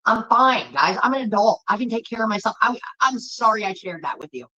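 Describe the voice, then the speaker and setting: A woman's voice: a little high, animated, fairly quick, pushed and bright, muffled recording. A woman livestreamer ranting angrily at her chat, swearing often and scolding her viewers. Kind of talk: heated livestream rant.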